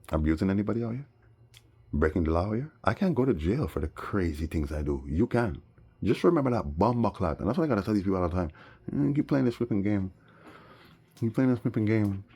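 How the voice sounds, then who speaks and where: A man telling a rambling personal story, animated and sometimes heated. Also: deep voice, vocal fry, husky. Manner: animated, rising to heated outbursts.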